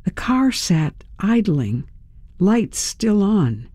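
A narrator reading a tense first-person story aloud in a measured, storytelling manner. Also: medium pitch, very animated, warm tone, no room sound, studio quality. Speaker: audiobook narrator.

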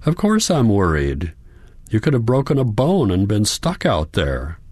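A man's voice: on the low side, wildly swooping pitch, unhurried, darkish tone, no room sound, clean studio sound, pitched above the performer's own voice, full character voice. A man reading the part of an anxious, caring young granddaughter, speaking earnestly. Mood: worried. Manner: earnest, worried pleading.

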